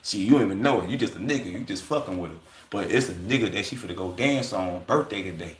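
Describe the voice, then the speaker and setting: A low-voiced man riffing on a livestream in loose, profane street slang. He speaks casually and breaks into quoted voices as he talks. The sound is echoey and roomy. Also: lively intonation, fast talker. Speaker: livestream host.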